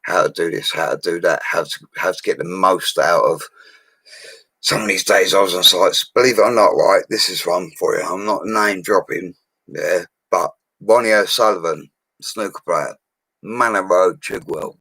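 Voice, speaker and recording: A forty-year-old man with a London accent tells stories about his bricklaying work on a casual livestream, chatty and blunt, using slang and mild swearing. His voice is low, husky, pushed and bright, at normal speed, in a low-quality recording with no echo.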